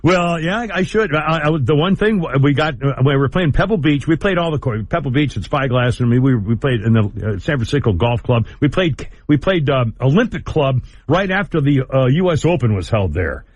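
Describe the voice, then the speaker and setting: A man's voice: medium pitch, expressive, a little fast, hardly any pauses, no room sound. A man hosting a call-in talk radio show, telling rambling stories and laughing easily.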